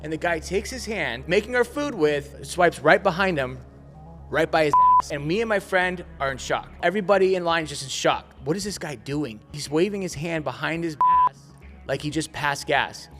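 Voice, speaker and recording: A man's voice: on the high side, lively intonation, normal speed, over loud music. A man telling a restaurant story and critiquing the service in an indignant, emphatic way. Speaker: restaurant reviewer. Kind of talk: storytelling commentary.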